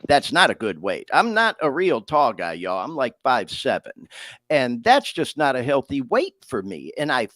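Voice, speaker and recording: Animated middle-aged man hosting a podcast. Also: mid-range voice, normal speed, no echo, clean studio sound. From Detroit. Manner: animated, emotional, folksy. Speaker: podcast host. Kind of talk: casual podcast chat.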